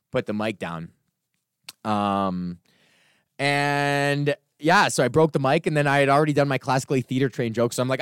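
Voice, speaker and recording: Profane ranting comedian, smooth dry voice. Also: male voice, mid-range voice, dry recording. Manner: profane, rambling, animated storytelling. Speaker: comedian podcast host. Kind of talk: casual ranting monologue.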